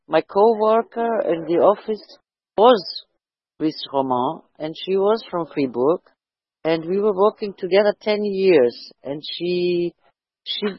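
A woman's voice: fairly low pitch, no room sound. Hesitant curious woman on a dull line. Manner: hesitant, repeats words, curious questions. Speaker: chat participant. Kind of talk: casual conversation.

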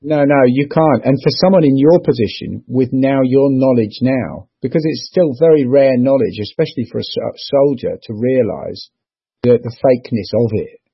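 A man's voice: mid-range voice, normal speed, gravelly, husky, no room sound. A man interviewing a guest, speaking hesitantly, stumbling and restarting his questions. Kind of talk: casual conversation. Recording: dull lo-fi sound.

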